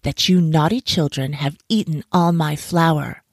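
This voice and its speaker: A woman's voice: sits low, fairly even intonation, a little slow, no room sound, clean studio sound. A woman voicing a greedy, grumbling male monkey who squeals his demands and puts on false politeness. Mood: angry.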